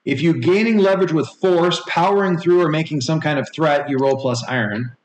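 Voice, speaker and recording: Rambling game master, echoey room. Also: male voice, on the high side, brisk. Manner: rambling rules explanations, many fillers. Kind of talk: narrating a tabletop game. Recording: echoey room with faint noise.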